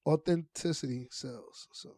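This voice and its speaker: A man's voice: fairly high pitch, unhurried, dark tone, a little hiss or hum. A man with a Hartford, Connecticut accent, a comedian guest in casual chat who stammers and restarts often.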